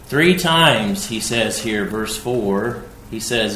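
A man's voice: fairly low pitch, animated. A man preaching an expository sermon, speaking emphatically and rising in force when he quotes scripture. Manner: emphatic, rising loud on quoted scripture, slow deliberate pace. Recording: echoey room.

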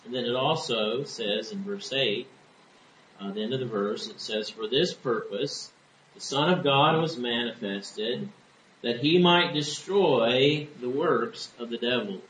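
A man preaching a sermon in an earnest, measured way. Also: medium pitch, a bit bright, roomy sound, a little hiss or hum, low-quality recording. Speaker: pastor.

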